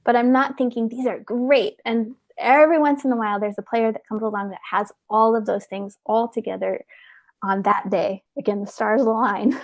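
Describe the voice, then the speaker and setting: Earnest woman, high voice, dry sound. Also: fairly even intonation, normal speed, dry recording. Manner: earnest, warm-hearted, repeats words as she thinks. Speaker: orchestra oboist, interview guest. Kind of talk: casual interview talk.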